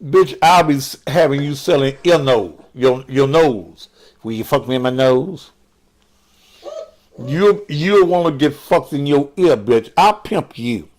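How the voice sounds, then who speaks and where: Older male host, profane, combative rant, lively pitch, slow unhurried delivery. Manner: crude, combative, cursing, mocking. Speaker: online show host. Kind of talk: profane live-stream rant.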